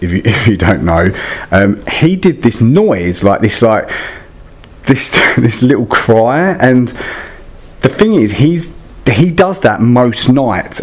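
Man, low voice, chatty, dramatic, lots of fillers, casual storytelling. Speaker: vlogger telling a story. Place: static caravan.

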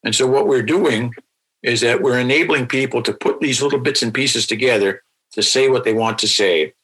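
A man who teaches a language, answering interview questions in a patient, explanatory way and repeating example words slowly. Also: mid-range voice, fairly bright tone, husky, rough recording.

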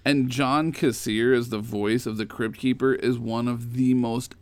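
A man's voice: mid-range voice, steady tone, measured pace, smooth. A man in casual podcast chat, talking enthusiastically in a rambling way with lots of fillers.

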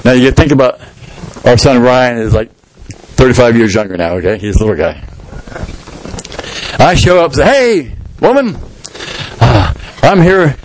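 A man's voice: mid-range voice, animated, normal speed, pauses often, a little mellow, slight background noise, rough recording. A middle-aged man preaching a sermon as pastor in a folksy, storytelling way, acting out the people in the story. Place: church sanctuary.

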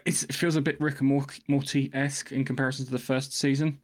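A man's voice: medium pitch, little pitch movement, quick pace. A man co-hosting a casual podcast chat, dry and rambling. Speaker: podcast co-host.

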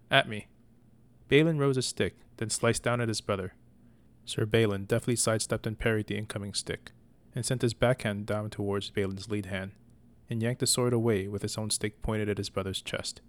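A man reading a fantasy story aloud as narrator, in an even, measured delivery. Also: on the low side. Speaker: audiobook reader.

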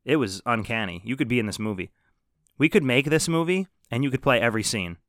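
A man's voice: mid-range voice, expressive, quick pace, a bit bright, no echo. Profane teasing man, dry mic. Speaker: podcast co-host. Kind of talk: casual chat reviewing a movie.

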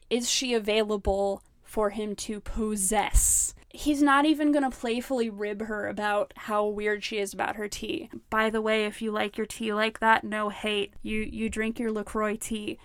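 A woman's voice: on the high side, no room sound. A young adult woman hosting a comedic book-critique podcast, ranting sarcastically in a casual style full of "like" fillers and swearing. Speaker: podcast host.

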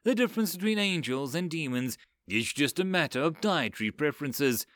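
A man's voice: a little high, expressive, a little fast, fairly bright tone, dry recording, clean studio sound. A man voicing a weary, sardonic adult male paladin who grumbles and mutters through his lines in a storybook reading.

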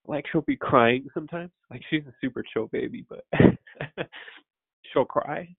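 A man's voice: a little high, unhurried, gravelly, husky, dry recording. A young man, a pastor, talking in a casual, rambling way and choked up with tears. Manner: emotional, tearful, rambling. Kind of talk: casual prayer-call talk. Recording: tinny phone line.

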